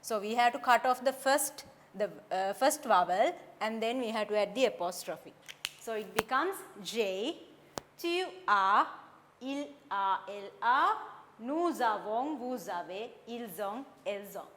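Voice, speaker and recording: A woman teacher talks through verb endings slowly and carefully, her voice a little high. She sounds out each form in turn. A long reverb trails behind her words. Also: expressive, fairly bright tone, slight background noise. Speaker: French teacher. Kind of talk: classroom lesson at a board.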